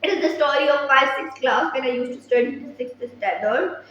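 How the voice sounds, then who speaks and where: A high-pitched woman teaches in an earnest, advisory way, checking in with her listeners as she goes. She sits back from the mic, and her voice rings around a very echoey room. The sound is slightly muffled, with a faint hiss behind it. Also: brisk, a bit bright. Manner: earnest, advisory, frequent "uh" and "okay?". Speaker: English teacher. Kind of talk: spoken English lesson. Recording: roomy echo, distant mic, muffled.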